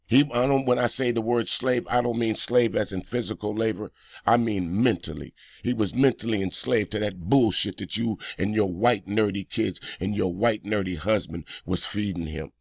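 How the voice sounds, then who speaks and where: A man's voice: on the low side, moderate pace, creaky, no room sound, studio quality. A man hosting a reaction video, delivering heated, profane, accusing commentary straight at the person in a clip.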